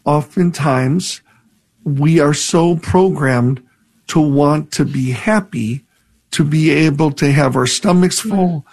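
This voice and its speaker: Male priest on talk radio, reflective and earnest, slightly high voice. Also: slow pace, a little mellow, breathy edge.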